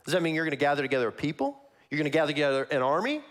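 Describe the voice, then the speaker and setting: A man preaching a sermon, walking through a Bible passage verse by verse in a conversational, animated way that acts out the characters. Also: on the high side, rapid-fire.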